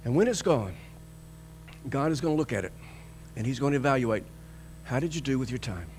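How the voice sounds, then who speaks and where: A pastor preaching a sermon with emphatic delivery. He swings between loud, high bursts and soft, low lines, acts out the voices he quotes, and chuckles often. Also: expressive, brisk, a little hiss or hum.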